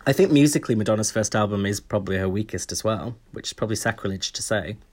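A man co-hosting a podcast in casual, self-mocking, expressive chat. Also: on the low side, fast talker. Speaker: podcast co-host.

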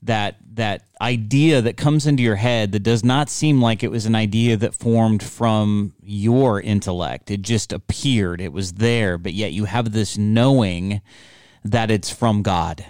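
A man hosting an interview, talking in a calm, supportive and measured way. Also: fairly low pitch, clear, resonant tone, no echo, clean studio sound. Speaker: podcast host. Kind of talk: interview conversation.

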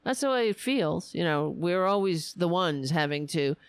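A woman hosting a political podcast, talking in a sarcastic, mocking way and slipping into shrill impressions of her opponents. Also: lively intonation, normal speed, smooth, dry recording. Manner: mocking, switches into shrill mimicking voices.

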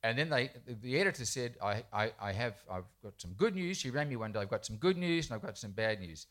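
A man's voice: medium pitch, expressive, brisk, a bit bright. Chatty man telling a story. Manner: chatty, self-deprecating, with frequent restarts. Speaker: children's poet speaking at a festival panel. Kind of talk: storytelling anecdote to a live audience. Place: bookshop event space, indoors.

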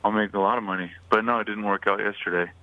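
A man's voice: fairly low pitch, fairly even intonation, quick pace, dry recording. A man co-hosting a sports betting radio show, casual and teasing, laughing easily. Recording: dry phone-line sound.

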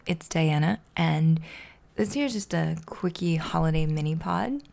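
A woman's voice: deep voice, expressive, a little slow, creaky, darkish tone. A woman hosting a casual podcast, chatting and reading a children's storybook aloud, laughing often. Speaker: podcast host.

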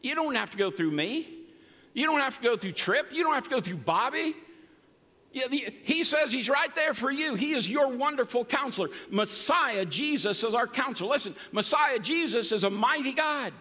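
A man's voice: very high voice, lively intonation, moderate pace, bright, forceful tone. An older man preaching a sermon as pastor, emphatic and folksy with humor. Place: church sanctuary. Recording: long reverb of a large hall.

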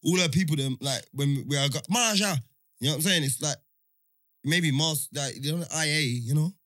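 A man's voice: on the high side, moderate pace, a bit bright, dry recording, clean studio sound. A young man, co-hosting a casual podcast chat with joking, slangy banter. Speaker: podcast co-host.

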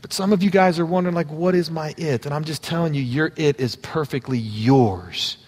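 A man preaching a sermon, moving between quiet, intimate asides and loud, fervent exhortation. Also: fairly high pitch, a little fast, in a large hall. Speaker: pastor. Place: church sanctuary.

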